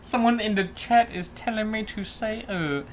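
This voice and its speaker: A man's voice: sits high, moderate pace, slight background noise, natural voice. A man putting on a mock Vietnamese accent on a casual livestream, talking in broken, mocking English.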